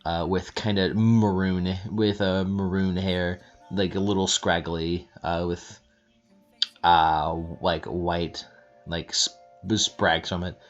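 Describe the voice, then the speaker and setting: A man narrating a tabletop game as game master, halting and searching for words, on a dull lo-fi recording. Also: sits low, little pitch movement, faint music behind.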